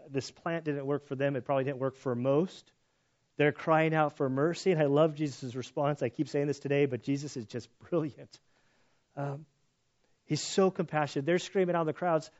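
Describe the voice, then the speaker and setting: A man's voice: a little high, normal speed, a little mellow, lo-fi sound. A man teaching through a Bible passage in a casual, conversational way, acting out voices in the story as he goes. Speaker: pastor.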